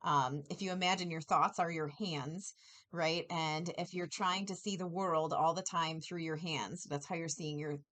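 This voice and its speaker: A woman co-hosts a relaxed podcast conversation, talking things through at an easy pace. Her voice is slightly low, and she often laughs softly as she explains ideas through simple visual examples. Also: moderate pace. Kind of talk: casual conversational podcast chat.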